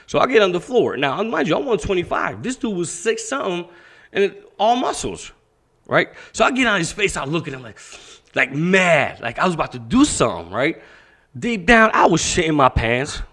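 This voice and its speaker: A man's voice: high voice, sing-song, normal speed, fairly bright tone. A man in his thirties, originally from Pakistan, tells a story from his past as a podcast guest. He talks casually, swears freely and acts out what people said, his voice swinging up and down as he goes. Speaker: podcast guest, boxing coach.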